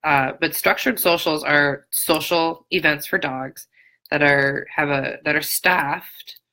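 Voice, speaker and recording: Frank, chatty woman, low and bright. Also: steady tone, takes it slowly, low-quality recording. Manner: frank, chatty, many fillers and restarts. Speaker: dog trainer. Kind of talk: live Q&A chat. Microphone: phone or webcam on a live stream.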